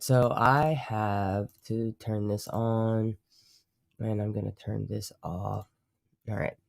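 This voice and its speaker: A man's voice: lowish voice, creaky, darkish tone, no echo, studio quality. A man hosting a live stream, chatting casually in a rambling, profane way and often correcting himself. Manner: rambling, profane, self-interrupting. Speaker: livestream host.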